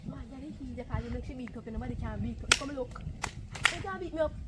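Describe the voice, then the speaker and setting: A woman's voice: high-pitched, fast, heavy background noise. A woman with a Jamaican accent, speaking boastful, jealous patois dialogue in a film.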